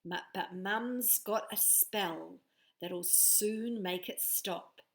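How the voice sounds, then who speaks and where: A woman voicing a clumsy, excitable little girl witch in a storybook, with squeaky exclaiming lines. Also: extremely slow, creaky. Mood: excited.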